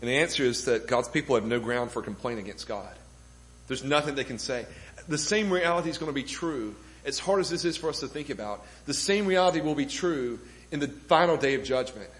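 A man's voice: medium pitch, animated, a little fast, low-quality recording. A man preaching a sermon to a congregation, building emphasis with rhetorical questions. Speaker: pastor. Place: church room with congregation.

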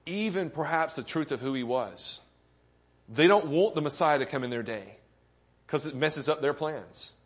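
Male pastor, slightly high voice, earnest sermon delivery, asks the congregation questions and builds emphasis. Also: animated, moderate pace, slightly rough.

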